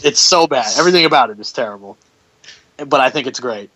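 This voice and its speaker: A man's voice: mid-range voice, expressive, fast, crowd noise, low-quality recording. A man hosting a podcast in casual chat, blunt and jokey, steering the talk along. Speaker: podcast host.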